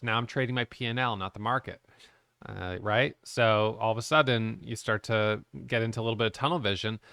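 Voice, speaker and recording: Smooth-voiced man, frank trade recap. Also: medium pitch, fairly bright tone, no echo, studio quality. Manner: frank, self-critical, talks through charts. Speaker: day trader reviewing his trades. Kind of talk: casual trade recap over charts.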